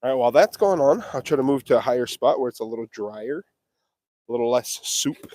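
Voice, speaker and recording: A man's voice: mid-range voice, animated, fairly quick, darkish tone, no echo, clean studio sound. A man chatting casually on a live stream as he walks an outdoor farm field with a handheld mic, talking playfully to his cattle. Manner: playful, sing-song calls to the animals. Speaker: livestream vlogger feeding cattle. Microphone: handheld mic while walking.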